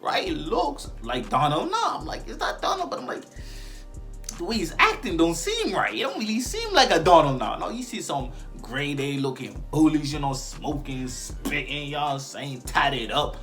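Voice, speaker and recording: A man's voice: on the high side, a bit bright. A man giving a casual video review of a webtoon chapter, talking in heavy slang and often asking "you know what I'm saying".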